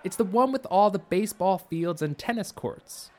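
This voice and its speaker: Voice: mid-range voice, lively intonation, moderate pace, darkish tone, voice pushed up, lightly acted. A narrator voicing an eager, determined teenage girl who explains things earnestly.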